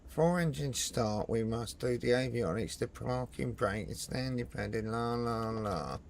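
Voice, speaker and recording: A man's voice: mid-range voice, measured pace, vocal fry, a little hiss or hum. A man streaming a flight simulator, chatting casually and muttering in frustration at his plane. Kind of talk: casual live-stream commentary.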